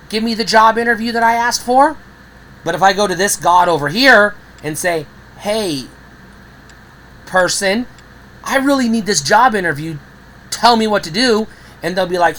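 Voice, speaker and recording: A woman's voice: low-pitched, slight background noise, poor audio. A woman in a candid personal monologue, blunt and heavily profane, growing heated and acting out the voices she quotes. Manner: animated, acts out quoted voices. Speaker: video creator.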